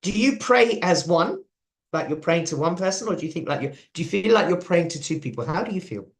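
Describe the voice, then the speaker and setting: A man's voice: on the high side, expressive, a little fast. A man with an English accent giving a chatty devotional talk, sharing stories and asking the audience questions. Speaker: preacher.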